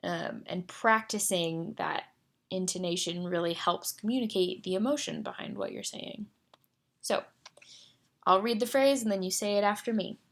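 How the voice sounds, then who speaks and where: A young woman leading a guided voice exercise lesson as a speech therapy instructor, giving clear, deliberate and encouraging instructions. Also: mid-range voice.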